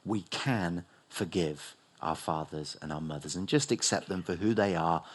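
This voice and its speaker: A middle-aged New man preaching a sermon as pastor, rising loud and high for emphasis and dropping low and soft. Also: normal speed, breathy edge. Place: church hall.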